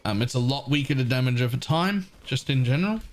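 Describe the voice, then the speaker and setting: Man, live game streamer, mid-range voice, casual commentary, relaxed, swears, answers chat. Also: medium pitch, fast.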